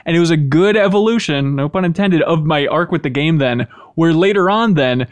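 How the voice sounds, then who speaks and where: A young man hosting a podcast, chatting casually and excitedly about a video game, laughing often. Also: on the high side, fairly quick. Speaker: podcast host.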